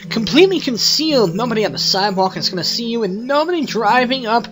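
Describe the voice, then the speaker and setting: A man's voice: very high voice, lively intonation, quick pace, a bit bright, faint music behind. A man hosting a let's play, reading the game text aloud with wry, profane asides.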